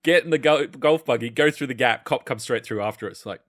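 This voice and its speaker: A man, telling gaming stories on a casual podcast, his voice mid-pitched and very dry, with no room sound around it. He swears freely and slips into other people's voices as he tells each story. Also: fairly quick, a bit bright, no echo. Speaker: podcast co-host. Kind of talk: casual chat.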